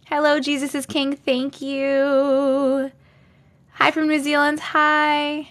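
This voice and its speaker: A woman's voice: sits high, completely flat delivery, slow, a bit bright. A woman in her thirties hosting a casual live stream, bubbly and chatty, greeting viewers by name and reading their comments aloud into a desk mic. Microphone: desk condenser mic.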